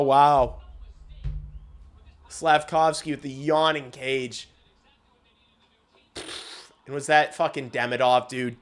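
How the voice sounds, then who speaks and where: A man streaming a hockey game and calling the play-by-play, excitable and swearing casually, shouting on big plays. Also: on the high side. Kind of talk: live watch-along hockey commentary.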